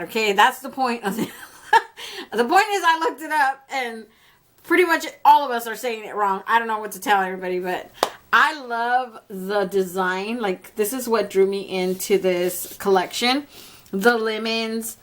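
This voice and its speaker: A woman's voice: a little high, normal speed, fairly bright tone. Chatty, candid woman vlogger. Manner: chatty, candid, laughs often, mild swearing. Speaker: beauty vlogger. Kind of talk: casual makeup review.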